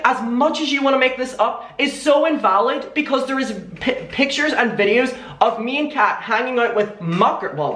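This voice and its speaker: A young man recounting a story in an animated, exasperated vlog, played from a video. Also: extremely high pitch. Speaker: YouTuber telling his side of a story. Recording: echoey room.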